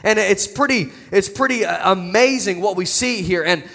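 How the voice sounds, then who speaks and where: A man's voice: high voice, moderate pace, vocal fry, sharp tone, big-room sound. A man preaching a sermon as pastor, earnest and conversational, often repeating words as he goes.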